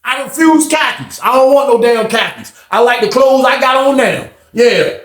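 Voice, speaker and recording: A man doing a stubborn shouting old inmate. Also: high voice, a little slow, reverberant, voice pushed up. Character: stubborn older male inmate refusing release.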